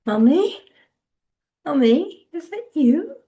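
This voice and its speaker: A woman reading aloud, voicing a grief-stricken young woman in shock who stammers and speaks haltingly. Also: high voice, big pitch swings, dark tone, muffled recording, voice pushed up, heavily acted. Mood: dazed.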